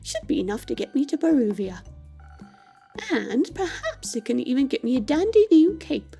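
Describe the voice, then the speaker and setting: Woman playing a vain male vampire, theatrical, melodramatic, swooping pitch, warm, faint game music. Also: sing-song, normal speed, gravelly, heavily acted. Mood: dramatic. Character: vain dramatic male vampire, fussy about his cape. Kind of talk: voice-acting a game aloud.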